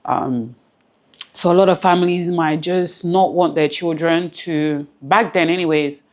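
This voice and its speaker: Woman with a really low voice, earnest interview talk, keeps repeating herself for emphasis. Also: a little slow. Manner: close to tears at times. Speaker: interview guest. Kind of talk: emotional personal interview.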